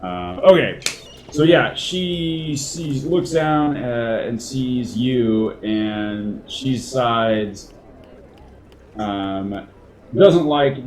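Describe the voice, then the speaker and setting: A man running a tabletop game as dungeon master, unhurried and chuckling as he thinks aloud between dice rolls. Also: mid-range voice, a little mellow, slight background noise.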